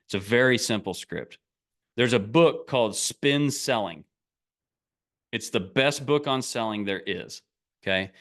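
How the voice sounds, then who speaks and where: A man's voice: mid-range voice, a bit bright. A middle-aged man, a business coach, talking casually in a blunt, swearing, rambling way full of restarts. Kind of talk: casual motivational talk.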